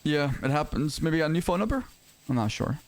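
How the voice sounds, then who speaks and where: A man playing a character in an online roleplay game, arguing his point in a rapid, insistent way and repeating words when pushed. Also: on the high side, sing-song. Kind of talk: heated in-character argument.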